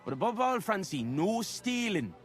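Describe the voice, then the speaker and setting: A high-pitched jolly village youth. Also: male voice, soft background music. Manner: lively, quick to laugh.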